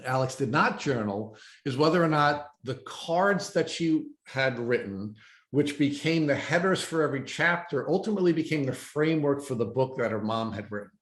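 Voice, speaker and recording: A man's voice: mid-range voice, lively intonation, moderate pace, fairly bright tone. A man hosting a podcast interview, asking a long, thoughtful question with some hesitation. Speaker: podcast host. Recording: roomy echo.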